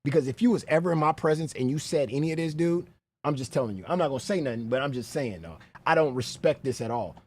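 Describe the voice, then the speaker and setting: Fast and fairly high-pitched, a man reacts to clips on a stream with animated, casual commentary. He talks straight to the viewer and says "bro" a lot.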